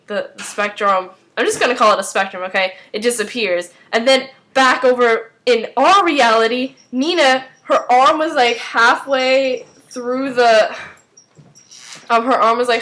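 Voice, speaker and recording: A young woman recap vlogger rambles casually through a TV episode, her voice a little high and fairly bright. She says "like" constantly, uses many fillers, and briefly acts out characters' lines in quick voices.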